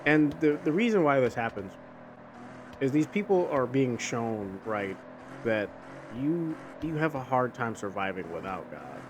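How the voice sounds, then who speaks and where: Playing a driving game, a young video host discusses faith casually and earnestly, his rambling speech packed with fillers and restarts. He sounds mid-range, very animated and a little slow, against faint engine and road noise from the game.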